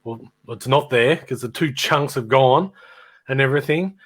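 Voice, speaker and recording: A man's voice: mid-range voice, moderate pace, fairly bright tone. A middle-aged Australian man telling rambling stories about his old band in casual chat, laughing and imitating people as he goes.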